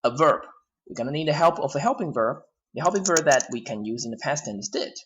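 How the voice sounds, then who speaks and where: A man with a Hong Kong accent gives an English grammar lesson in a classroom style. He explains step by step, often restating himself. His voice moves up and down in a lively, animated way. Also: mid-range voice, fast talker, a little hiss or hum. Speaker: English teacher.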